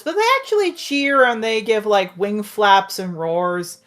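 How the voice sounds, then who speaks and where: A woman game master narrating a tabletop game, describing scenes in a loose, animated way. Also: medium pitch, measured pace, faint music behind.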